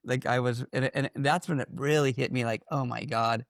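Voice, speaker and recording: A man giving a candid personal account in an interview, halting, with many fillers and restarts. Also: mid-range voice, fairly even intonation, no room sound.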